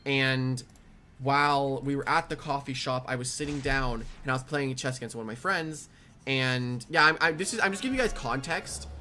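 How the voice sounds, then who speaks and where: A young adult telling a rambling, animated story in casual storytime fashion. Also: mid-range voice, normal speed, a little hiss or hum. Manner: rambling, animated, restarts often. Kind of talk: casual storytime over gameplay.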